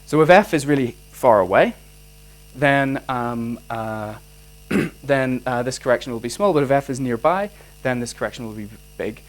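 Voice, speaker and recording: A man with a Northern Irish accent giving a physics lecture and answering student questions, animated, restarting his sentences often with many fillers. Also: medium pitch, moderate pace, low-quality recording. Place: lecture hall.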